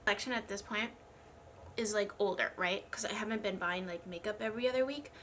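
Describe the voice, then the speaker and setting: Chatty woman with a stuffy, bright voice. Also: medium pitch, a little fast, a little hiss or hum. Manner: chatty, self-deprecating, rambling. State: congested, struggling to speak. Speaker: beauty vlogger. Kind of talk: casual get-ready-with-me chat.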